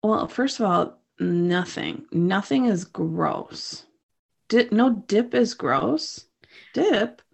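A woman with a mid-pitched voice chatting on a podcast, blunt and casual and quick to swear. She retells scenes and jumps into characters' lines as she goes. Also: animated, vocal fry, husky. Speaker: podcast co-host. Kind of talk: casual chat.

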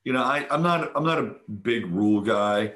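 A man's voice: mid-range voice, lively intonation, normal speed, a bit bright. A man hosting a podcast, chatting enthusiastically about a weekend event in a casual monologue full of fillers and restarts. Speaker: podcast host.

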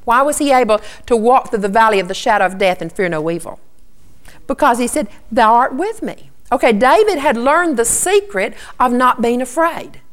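A woman's voice: on the high side, expressive, moderate pace. A middle-aged woman preaching a sermon, earnestly teaching and quoting scripture to her listeners. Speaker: Bible teacher.

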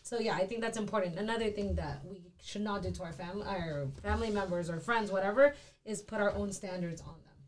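A woman's voice: mid-range voice, fairly quick, hardly any pauses. Young woman, youth group member, frank casual delivery.

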